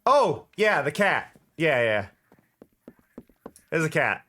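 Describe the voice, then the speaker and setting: A man's voice: on the high side, big pitch swings, slow, pushed and bright. A man streaming a game, chatting casually and rambling at a desk mic, swearing and laughing often. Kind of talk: casual live-stream chat while gaming.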